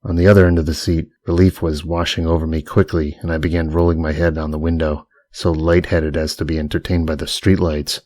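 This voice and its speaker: A man narrating a first-person audiobook in a steady, even way. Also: extremely low pitch, fairly quick, hardly any pauses, no echo.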